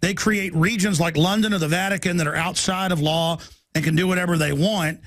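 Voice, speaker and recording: A male talk-radio host who talks in quick bursts, then stretches his words out slowly and stumbles over restarts. His voice sits a little high for a man. The sound is dry and close-miked. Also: fairly even intonation, fairly bright tone, no echo. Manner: rapid bursts that slow into drawn-out phrases, halting restarts. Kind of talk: radio talk show discussion.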